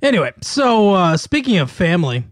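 A man's voice: sits high, sing-song, moderate pace, no echo, studio quality. A man co-hosting a podcast, telling stories in casual chat, laughing often and using many fillers. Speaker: podcast co-host.

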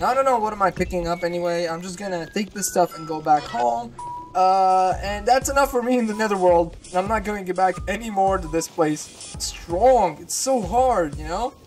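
A gamer giving gameplay commentary, excitable, swearing often and repeating words in panicked bursts. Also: medium pitch, moderate pace, faint music behind. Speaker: gamer hosting a let's-play channel.

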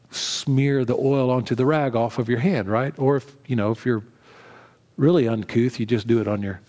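A man's voice: mid-range voice, darkish tone. Man preaching in a loose, chatty way. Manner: conversational preaching with frequent fillers, restarts and "right?" asides. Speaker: pastor. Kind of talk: sermon.

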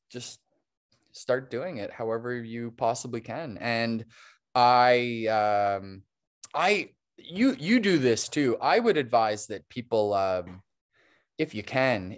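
A man, a stop motion animator, chatting as a podcast guest in a casual, long-winded way and laughing often. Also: medium pitch. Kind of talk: casual interview chat.

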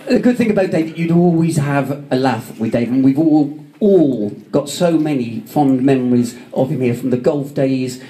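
A man's voice: mid-range voice, moderate pace, few pauses, warm tone, a little hiss or hum. A man giving a chatty, joking memorial speech to a crowd in a theatre foyer. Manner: chatty, joking, self-mocking. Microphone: phone camera in the audience.

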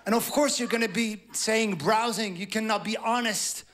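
French-accented man doing stand-up, high voice. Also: noisy background. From France. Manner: halting, self-deprecating delivery with playful acted quotes. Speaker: stand-up comedian. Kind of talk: stand-up comedy set. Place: large theatre before a live audience. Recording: stage mic over loud audience laughter.

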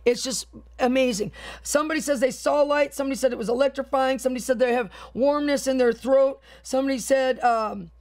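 A woman's voice: high-pitched, brisk, darkish tone. A woman minister leading a live-streamed healing prayer, speaking in fervent, repetitive commands and decrees.

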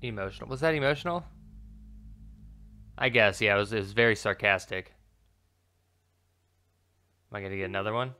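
A man commentating a let's play in a casual, joking way. His voice sits fairly low but sounds bright and smooth. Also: a little fast, long pauses. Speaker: gameplay commentator.

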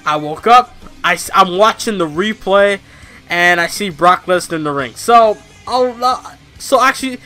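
Bright-voiced man ranting in a casual review. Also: sits high, measured pace, faint music behind. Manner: rambling, profane, animated ranting. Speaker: wrestling reviewer.

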